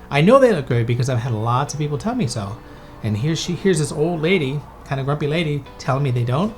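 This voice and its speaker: A man's voice: medium pitch, expressive, quick pace, soft background music. A man in his thirties, a photographer and podcast host, telling a story in a casual, chatty way with many fillers and restarts.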